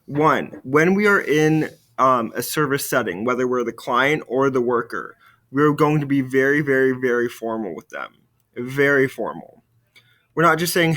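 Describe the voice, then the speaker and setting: A man teaching a recorded French lesson, explaining in friendly classroom English and slowly modelling French phrases for students to repeat. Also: medium pitch, lively intonation, a bit bright. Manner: slow call-and-repeat drills with careful French phrases.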